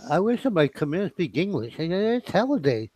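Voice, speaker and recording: A man's voice: high voice, sing-song, fast talker, dark tone, dry recording, rough recording. A man from the United States in a casual group chat, talkative and insistent, often laughing.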